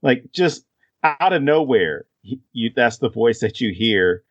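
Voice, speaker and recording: Halting man, dry lo-fi podcast sound. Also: expressive, slightly rough, no echo. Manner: halting, many restarts, rising and falling pitch. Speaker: podcast co-host. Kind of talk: casual podcast chat.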